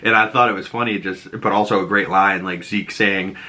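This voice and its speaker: Casual male recapper, rambling and chatty, bright tone. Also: sits low, steady tone. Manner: rambling, fast, full of "like" and "you know". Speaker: show recapper.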